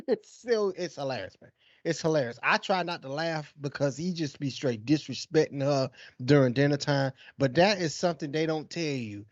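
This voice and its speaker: A man co-hosting a podcast, telling stories in a casual, animated way and acting out what others say. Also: fairly high pitch, normal speed, dry recording, lo-fi sound. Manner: animated, exaggerated storytelling with acted-out quotes. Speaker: podcast co-host. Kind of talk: casual chat.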